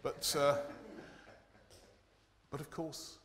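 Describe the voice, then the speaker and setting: A man's voice: drawn-out words, a bit bright. A man giving a humorous, irreverent conference talk, swearing freely with dry comic timing. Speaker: conference speaker, cartoonist. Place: conference hall. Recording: long hall reverb.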